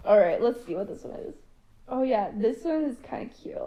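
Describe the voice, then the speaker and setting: Young woman co-host, higher voice, giggly, casual movie chat. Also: animated, moderate pace, mellow. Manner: giggly, laughs between lines. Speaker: podcast co-host.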